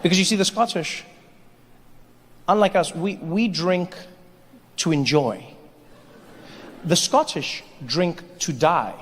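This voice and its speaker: A man doing a stand-up comedy set, telling stories in an animated, self-mocking way. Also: sits high, takes it slowly, pauses often, a little hiss or hum. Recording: reverberant hall, faint ambience.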